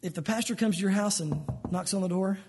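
A man preaching a sermon in an animated way, acting out little scenes with comic voices. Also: high voice, brisk, breathy edge. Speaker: pastor.

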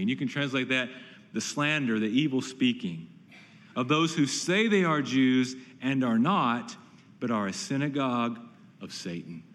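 A man's voice: mid-range voice, fairly bright tone, long reverb tail. A pastor preaching an earnest, emphatic sermon, often repeating words as he builds a point.

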